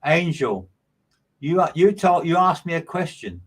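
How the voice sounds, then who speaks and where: A man's voice: fairly high pitch, very animated, a little slow, slightly rough. A man giving live mediumship readings to viewers, in a chatty, gushing and rambling way with frequent stumbles. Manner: gushing, affectionate delivery. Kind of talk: livestreamed psychic reading.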